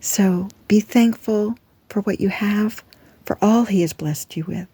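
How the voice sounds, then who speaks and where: A woman giving an earnest, gentle devotional talk that encourages her listeners. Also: mid-range voice, a little slow, breathy edge, dry recording. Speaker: Christian devotional speaker.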